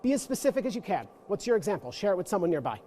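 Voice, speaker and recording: Male guest lecturer, high-pitched, playful and self-deprecating, leading a church forum audience. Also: very animated, racing, dark tone. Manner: playful, self-mocking, joking asides.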